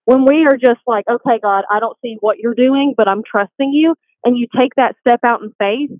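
A woman's voice: a little high, moderate pace, no room sound. Woman on a tinny phone line. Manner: earnest, animated storytelling. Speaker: guest. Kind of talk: faith testimony chat.

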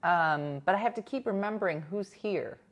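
A woman's voice: lowish voice, normal speed. A woman hosting a casual live chat from home, telling stories with quoted voices, laughing often and talking to viewers. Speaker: livestream host reading chat. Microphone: new desk mic.

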